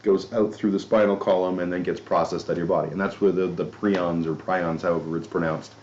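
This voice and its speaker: A male podcast host with a very low voice, talking in a loose, rambling way, cursing casually and poking fun at himself. The audio is dull and a bit lo-fi. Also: little pitch movement, quick pace, a little mellow, slight background noise. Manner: rambling, swears casually, self-deprecating asides. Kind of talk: casual chat.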